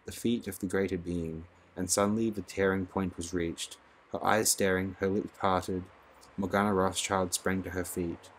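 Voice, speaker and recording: A male audiobook narrator reads a classic novel aloud. His voice sits very low. He reads expressively, letting the prose swell with the scene. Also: little pitch movement, normal speed, slight background noise. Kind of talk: scripted narration.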